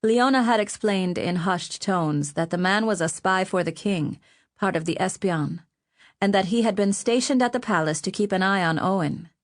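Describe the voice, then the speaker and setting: A woman reading an audiobook with measured, even storytelling narration. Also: on the low side. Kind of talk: scripted narration.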